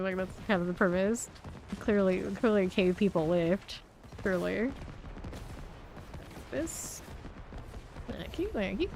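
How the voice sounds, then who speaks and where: A woman's voice: medium pitch, fairly bright tone. A woman streaming a game and chatting casually, rambling and saying "like" a lot. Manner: chatty and rambling, heavy use of "like". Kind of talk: casual gameplay chat.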